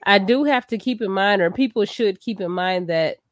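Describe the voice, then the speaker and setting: A woman talking casually and easily in a relaxed conversation about family history. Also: medium pitch, moderate pace, no room sound, studio quality. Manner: relaxed and chatty, laughs easily.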